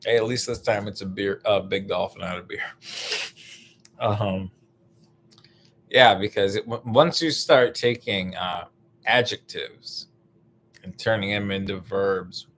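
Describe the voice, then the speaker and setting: A young American man doing a rambling, profane stand-up bit, full of fillers and restarts, now and then bursting into loud put-on voices. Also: lowish voice, unhurried, pauses often, slight background noise. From United States. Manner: meandering, profane, lots of fillers, sudden shouted bits. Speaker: stand-up comedian.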